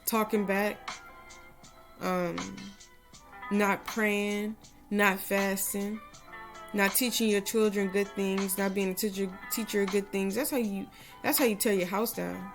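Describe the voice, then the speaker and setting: A woman's voice: medium pitch, fairly even intonation, measured pace, soft background music. A woman giving casual devotional advice to her followers, earnest and rambling, with many "you know" asides, and reciting a prayer. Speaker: religious vlogger giving advice to women.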